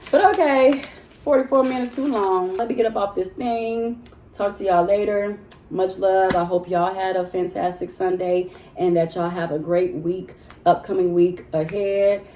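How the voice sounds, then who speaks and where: A woman vlogging in casual chat from her home, talking to her viewers in an animated, chatty way and laughing often. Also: medium pitch, normal speed, a little hiss or hum. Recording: roomy echo in a home room.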